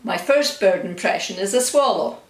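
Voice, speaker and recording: A woman's voice: mid-range voice, lively intonation, moderate pace, close to an everyday voice. A woman putting on a jovial older man who tells corny bird jokes, with a punchy joke-telling delivery. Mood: joking. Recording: roomy, from a distance.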